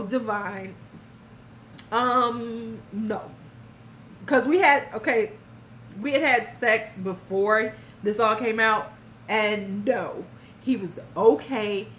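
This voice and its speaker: A woman's voice: medium pitch, takes it slowly, fairly bright tone, a little hiss or hum. A woman in her fifties hosting a live stream, telling a story in a frank, blunt way and talking to viewers by name.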